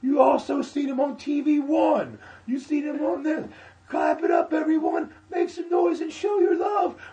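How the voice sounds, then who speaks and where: A man voicing a frantic male club emcee who hypes the crowd louder and higher. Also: unhurried, close to an everyday voice. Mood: hyped. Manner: hyped, rising, shouting announcer.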